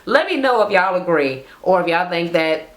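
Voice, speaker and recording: A woman's voice: fairly low pitch, normal speed. Profane ranting woman recapping reality TV. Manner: blunt, profane, animated storytelling.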